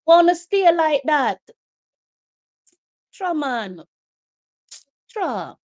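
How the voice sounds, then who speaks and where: A woman's voice: high voice, very animated, drawn-out words, darkish tone. Emotional Jamaican woman reacting to a match. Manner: emotional, pleading, mixes Patois with English. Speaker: watch-along host. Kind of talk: live match reaction commentary.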